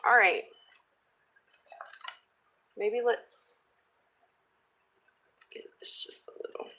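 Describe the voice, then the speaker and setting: A woman's voice: mid-range voice, extremely slow, sharp tone. A woman crafting vlogger chatting casually as she works and thinks aloud, reading viewer comments. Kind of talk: casual live-stream crafting chat.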